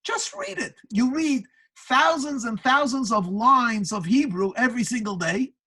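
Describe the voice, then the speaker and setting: Woman narrator doing an insistent older male scholar, eager and husky. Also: fairly high pitch, animated, unhurried, sharp tone, full character voice.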